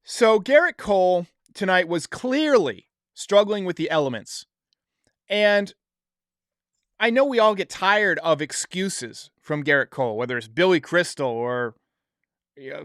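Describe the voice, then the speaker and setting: A man's voice: high voice, a bit bright, no room sound, studio quality. A man hosting a casual sports podcast, chatting and reading viewer comments aloud. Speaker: podcast host. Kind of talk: casual live-stream talk.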